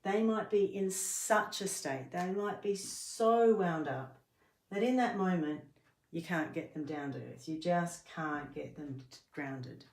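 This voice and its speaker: In a roomy, echoing space, a middle-aged workplace trainer with a low, darkish voice gives an instructional talk to camera. She speaks unhurriedly, explaining with earnest patience, and now and then stumbles and starts a phrase over.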